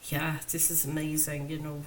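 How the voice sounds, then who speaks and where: A woman's voice: low-pitched, completely flat delivery, normal speed, poor audio. A woman doing a chatty, enthusiastic tarot reading, talking to her viewers. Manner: enthusiastic, chatty, laughs often. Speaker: tarot reader. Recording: faint background noise.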